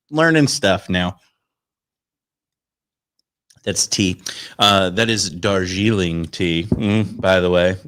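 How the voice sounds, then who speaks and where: A man's voice: low-pitched, fairly bright tone. A man from Florida, a comedian chatting casually to viewers from his home studio, rambling and poking fun at himself. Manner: rambling, chatty, self-mocking. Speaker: stand-up comedian.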